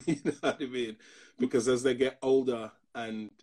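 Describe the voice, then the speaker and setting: At medium pitch and normal speed, a man in his fifties who works as a pastor shares personal anecdotes during a relaxed conversation. He's a lively storyteller who imitates the other characters' voices.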